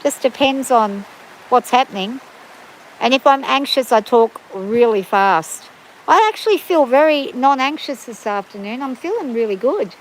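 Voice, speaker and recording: A woman's voice: high-pitched, expressive, normal speed, a little hiss or hum, poor audio. A middle-aged woman with an Australian bush accent, chatting casually and rambling to viewers on a livestream from her farm. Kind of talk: casual chat. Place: outdoors on a farm in the rain.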